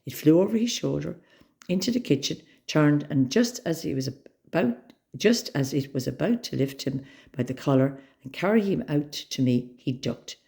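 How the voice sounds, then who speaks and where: Gravelly woman reading a children's story. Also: low voice, normal speed. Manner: expressive, dramatic storytelling.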